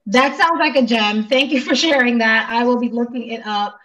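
A woman's voice: a little high, moderate pace, fairly bright tone, far from the mic, rough recording. A woman hosting a casual talk show and chatting easily with her guests. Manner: wraps up the show, chatty and easygoing. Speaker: podcast host. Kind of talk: casual chat.

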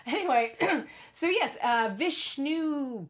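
A woman's voice: sits high, animated, slow pace. A woman from North Carolina co-hosting a fan after-show, chatting casually, laughing often and greeting viewers from a live chat. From North Carolina, USA. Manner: bubbly, laughs often, slips into voices.

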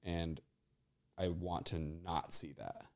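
A man's voice: low voice, fairly even intonation, slow pace, darkish tone. A man in his twenties, casual and profane, joking and rambling on a sports chat show. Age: 20s. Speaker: podcast co-host.

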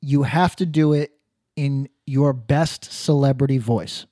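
A man co-hosting a podcast in casual crude chat, reading reviews aloud with loud laughing bursts. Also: medium pitch, fairly even intonation, a little slow, no echo, clean studio sound. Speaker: podcast co-host.

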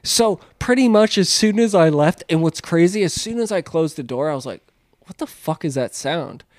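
A man's voice: a little high, animated, normal speed, no echo, studio quality. Casual swearing man telling a wild story. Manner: swearing, laughing, acts out quotes.

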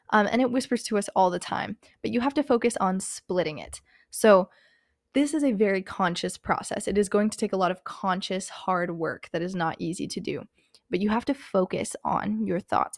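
This podcast host, a young woman of unspecified Hispanic background, has a medium-pitched voice captured in a dry, studio-quality recording. She talks candidly in a casual motivational style, leaning heavily on fillers like "like" and "um."

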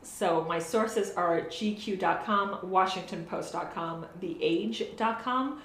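A woman's voice: on the low side, takes it slowly. A woman co-hosting a podcast, telling a true story in casual chat, swearing and laughing at herself. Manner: swears casually, laughs often, self-deprecating. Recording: roomy with faint noise.

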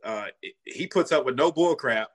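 A man's voice: medium pitch, animated, normal speed, slightly rough. A middle-aged man from California, a former pro football player, telling his story as a guest in a casual interview, earnest and full of "you know" and "man.".

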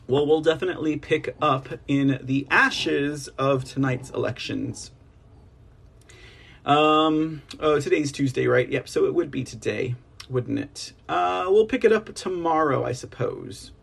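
A man hosting an online political news livestream, rambling casually, reading statements aloud and speaking to viewers as ladies and gentlemen. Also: fairly high pitch, measured pace, gravelly, husky. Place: home setup on a slow connection.

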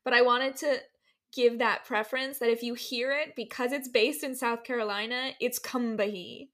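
A bubbly woman hosts a casual podcast, laughing often as she slips into a playful teacher act. Her voice sits a little high. She talks in a relaxed, chatty way. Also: normal speed. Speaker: podcast co-host. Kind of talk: casual storytelling chat.

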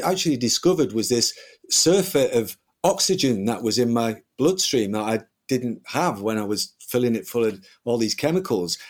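Man telling rambling stories. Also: mid-range voice. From England. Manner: rambling, animated storytelling with restarts. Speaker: guest musician. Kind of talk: casual conversation.

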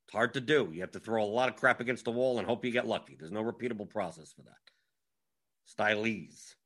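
A man giving a casual, matter-of-fact breakdown of fantasy baseball lineups, talking briskly as he scrolls through them. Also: fairly low pitch, a bit bright. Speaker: daily fantasy baseball analyst.

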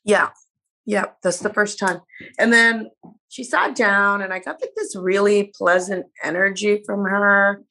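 A woman's voice: medium pitch, steady tone, measured pace, bright, forceful tone. A woman guest speaking candidly in a casual interview, sometimes losing her words. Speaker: reality show cast member guest.

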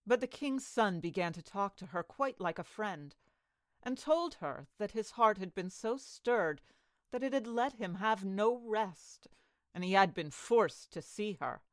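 Woman, storyteller, fairy tale read aloud, animated pitch, dry close sound. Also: measured pace, no room sound. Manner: expressive storybook reading.

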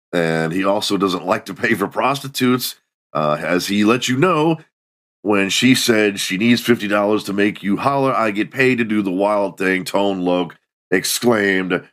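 A man's voice: low voice, fairly bright tone. A middle-aged man hosting a solo comedy podcast, sarcastic and mocking, acting out little scenes. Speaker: podcast host.

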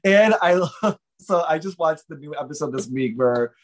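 Podcast guest, casual chat, animated, chatty, frequent laughter, mid pitch. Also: moderate pace.

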